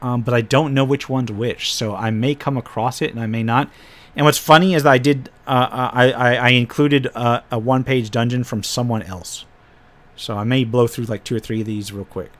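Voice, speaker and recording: A man's voice: medium pitch, steady tone, moderate pace, a bit bright. A man hosting a casual live stream, thinking aloud as he pages through tabletop game files and drops wry asides. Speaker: host reviewing tabletop game PDFs.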